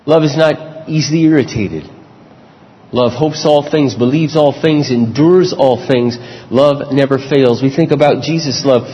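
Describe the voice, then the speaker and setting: A man preaching a sermon, telling personal stories with earnest, lively delivery. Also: unhurried, big-room sound, lo-fi sound. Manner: storytelling, earnest, lively swings in pitch. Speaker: pastor.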